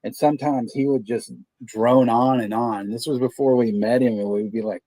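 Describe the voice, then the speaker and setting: A man's voice: medium pitch, fairly even intonation, moderate pace, few pauses, mellow, no echo. A man hosting a movie watch party stream, chatting casually and telling stories in a laid-back, profane way. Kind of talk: casual chat.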